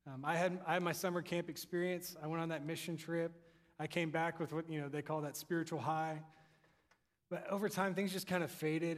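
A man's voice: a little high, fairly quick. Man preaching in an echoing hall. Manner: conversational, animated storytelling with laughs. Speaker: pastor. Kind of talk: sermon. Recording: long reverb of a hall.

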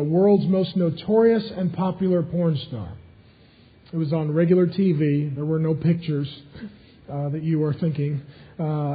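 A man preaching a sermon as pastor, emphatic and rising to loud, intense climaxes. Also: high-pitched, dull audio.

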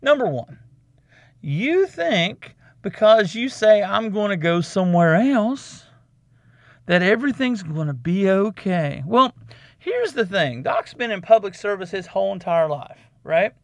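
A man's voice: high voice, sing-song, no room sound. A man hosting a podcast, giving a comic advice monologue in which he calls himself "the Doc" and lectures with lots of repetition. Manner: repeats himself, drawn-out emphasis. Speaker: podcast host.

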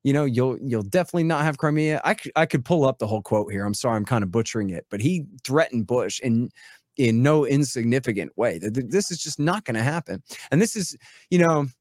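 A man's voice: mid-range voice, animated, fast talker, darkish tone, dry recording, clean studio sound. A man speaking as a guest expert in a casual podcast conversation, rambling and sarcastic, swearing freely.

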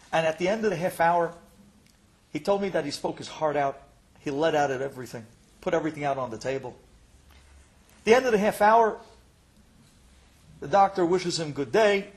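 Animated rabbi telling a story. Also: male voice, on the high side. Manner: animated storyteller acting out dialogue. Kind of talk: Torah class sermon with storytelling.

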